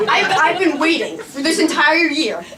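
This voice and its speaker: A woman's voice: high voice, sing-song, moderate pace. A young woman telling a nervous, rambling, self-mocking story live on stage. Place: small performing arts studio. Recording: stage voice from a distance with faint room noise.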